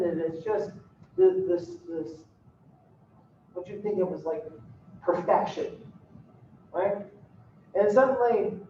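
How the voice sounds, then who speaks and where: A male law lecturer spins a playful classroom hypothetical, talking straight to his students. His voice sits fairly high, and the recording sounds distant and dull with heavy room echo and faint background hiss. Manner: animated, playful storytelling, addresses students as "you". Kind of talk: university lecture with a storytelling hypothetical.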